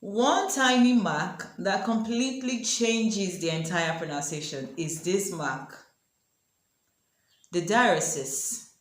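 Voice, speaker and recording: Slow-talking woman teaching in an echoey room. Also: on the low side. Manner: asks the viewer questions and repeats example words slowly. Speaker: French teacher. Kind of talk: language lesson explaining pronunciation.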